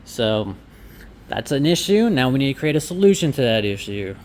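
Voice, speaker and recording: A man's voice: medium pitch, sing-song, moderate pace, darkish tone. A man who owns a laundromat, talking casually through a walkthrough vlog with sarcastic asides. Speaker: laundromat owner. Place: inside a laundromat.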